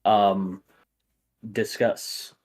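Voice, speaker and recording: A man's voice: fairly low pitch, flat delivery, very slow, a little mellow. A man narrating as game master of a tabletop game, hesitant and full of fillers.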